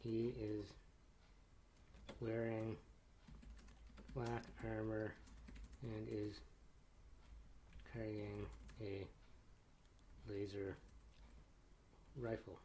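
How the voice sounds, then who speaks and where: A man's voice: on the low side, completely flat delivery, drawn-out words, pauses often, mellow, slight background noise. A man playing a text adventure game, thinking aloud in a casual way as he reads the story text out. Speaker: player reading the game aloud. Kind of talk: casual gameplay commentary.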